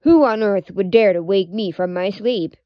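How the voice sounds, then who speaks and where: Mighty grumpy male lion, growling and loud, read by a woman; lo-fi. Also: a little high, animated, normal speed, no room sound, lightly acted. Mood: angry.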